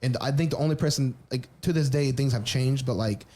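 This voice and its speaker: A man's voice: mid-range voice, fairly quick, mellow. A man on a podcast candidly telling his personal story, rambling with frequent restarts and casual swearing. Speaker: podcast co-host.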